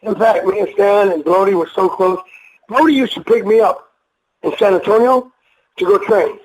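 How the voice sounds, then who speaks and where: An older man sits for a casual interview and tells long, rambling stories, swearing freely and acting out the people in them. His voice sits high for a man. A faint noise runs under the recording. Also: moderate pace, a little mellow, rough recording. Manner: rambling, profane, emotional storyteller who acts out voices. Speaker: interview guest, retired wrestler.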